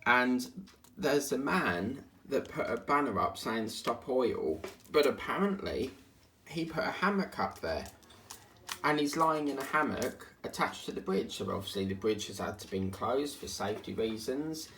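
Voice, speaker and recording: A man's voice: medium pitch, expressive, unhurried, fairly bright tone. A man chatting casually and grumbling in asides while working on a diamond painting at home. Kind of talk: casual chat while crafting. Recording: distant mic, faint background hiss.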